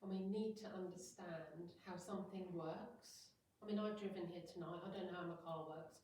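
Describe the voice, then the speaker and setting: A woman's voice: lowish voice, normal speed, a little mellow, slight background noise. Brief: middle-aged woman, hypnotherapist at a meeting, chatty, acts out examples; heavy room echo, distant mic. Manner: chatty, acts out little scenes in quoted voices. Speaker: hypnotherapist giving a talk. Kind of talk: informal talk to an audience. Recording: very echoey room, voice far from mic.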